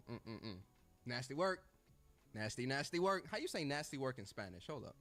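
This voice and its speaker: A man's voice: medium pitch, expressive, fairly quick, sharp tone. A man ranting about a game console, repeating his points with emphatic, joking exaggeration. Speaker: video creator ranting about games. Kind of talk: animated rant commentary.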